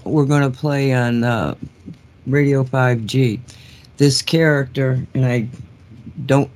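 Man, radio co-host, mid pitch, rambling, casual, searching for words.

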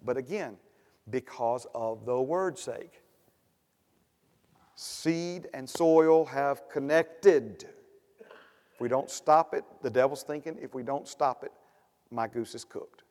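Preaching pastor in a reverberant hall. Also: male voice, mid-range voice, normal speed, darkish tone. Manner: preaching with rising emphatic bursts and repeated refrains. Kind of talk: sermon.

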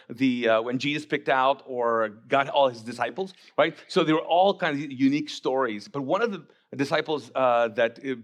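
A man preaching a sermon as pastor, animated and joking, acting out the voices of the figures in the story. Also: mid-range voice.

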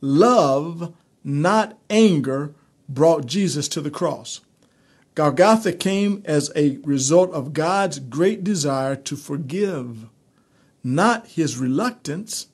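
A male pastor teaching a streamed Bible study in a conversational preaching manner, building to animated emphasis. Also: fairly high pitch, slow, breathy edge.

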